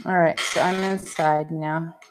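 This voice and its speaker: A woman's voice: sits low, fairly even intonation, unhurried, background noise. A woman hosting a casual livestream, chatting with viewers, reading comments aloud and laughing easily. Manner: chatty, laughs often, reads chat aloud. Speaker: livestream host. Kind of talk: casual live-stream chat. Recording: glitchy livestream audio.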